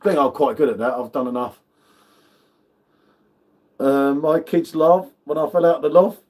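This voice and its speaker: Chatty man with a higher voice. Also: unhurried, a little mellow. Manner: chatty, matey banter, greets viewers by name. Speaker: beer reviewer hosting a live tasting. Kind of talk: casual live-stream chat.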